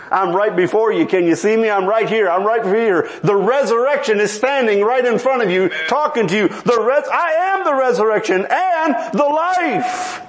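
A man's voice: moderate pace, rough recording. A man preaching a sermon, telling scripture stories with dramatic swings and quoting the characters. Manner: animated storytelling with quoted voices; dramatic swings in pitch and pace.

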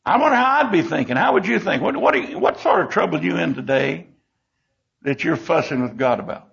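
Folksy older preacher, gravelly. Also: male voice, on the high side, animated, fairly quick, a bit bright. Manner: folksy, emotional, acts out scenes. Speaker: Bible teacher. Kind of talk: Bible lesson. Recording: dull lo-fi recording.

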